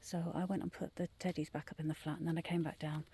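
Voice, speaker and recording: A middle-aged woman casually telling ghost stories on a night walk through the woods, often dropping into a hushed whisper. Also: low voice, level tone, quick pace, slight background noise. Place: woodland trail outdoors at night.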